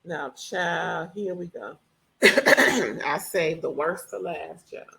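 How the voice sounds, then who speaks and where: A woman reviewing a reality TV reunion in casual chat, animated and opinionated, swearing freely. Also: on the low side, takes it slowly, gravelly, breathy edge.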